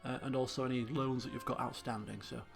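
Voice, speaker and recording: Chatty man with gravelly voice. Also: medium pitch, steady tone, quick pace, over music. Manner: chatty, rambling, self-mocking. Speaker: gaming video host. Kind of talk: let's play commentary.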